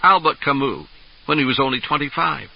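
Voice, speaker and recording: A man's voice: mid-range voice, lively intonation, brisk, gravelly. A man voicing a middle-aged male actor in an earnest, defensive way, on a dull lo-fi 1970s tape.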